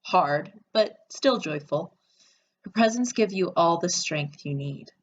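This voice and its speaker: A woman's voice: fairly low pitch, animated, slow, slight background noise. A woman reading an interactive horror story game aloud and adding chatty, sarcastic asides.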